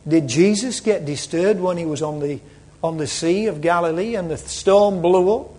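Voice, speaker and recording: A male preacher retelling a story in a sermon, dramatic, swinging between loud and hushed. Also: high-pitched, normal speed.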